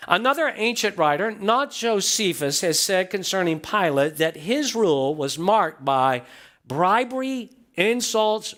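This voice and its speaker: In a church sanctuary, a man delivers a sermon to his congregation in a voice that sits high and has a fairly bright tone. He emphasizes ideas through repeated phrases and by asking the people questions.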